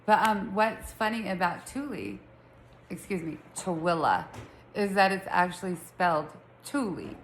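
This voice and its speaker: A woman's voice: medium pitch, moderate pace, reverberant, a little hiss or hum, low-quality recording. A middle-aged woman with a Utah accent and a lisp, chatting casually and rambling to her viewers from home. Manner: chatty, rambling, self-teasing. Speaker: vlogger. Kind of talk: casual chat to camera. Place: room at home with pets.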